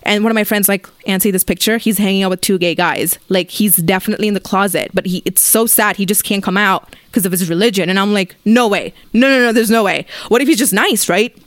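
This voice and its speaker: A young woman hosts her podcast with a blunt, swearing storytime rant, peppered with "like" and quick impressions of her friends. Her voice sits in a middle pitch and sounds close and dry, with no room around it. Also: dry recording. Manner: blunt, profane, lots of "like" fillers, acts out friends' voices. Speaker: podcast host.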